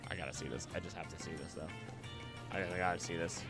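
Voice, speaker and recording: Animated man streaming live. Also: deep voice, fast talker, creaky, over loud music. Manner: animated, talks to himself and his cat. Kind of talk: casual live-stream chat. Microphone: desk microphone.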